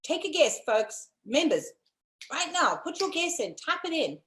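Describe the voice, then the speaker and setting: A woman's voice: high-pitched, big pitch swings, normal speed, fairly bright tone. A woman from South Africa co-hosting a casual live-streamed talk show, chatty and teasing. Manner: chatty, teasing, addresses viewers.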